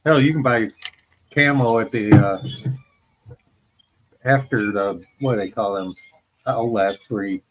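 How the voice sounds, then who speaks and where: A man co-hosting a casual morning show, laughing a lot and chiming in with quick jokes. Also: fairly low pitch, a little hiss or hum, low-quality recording. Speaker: co-host. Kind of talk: casual chat.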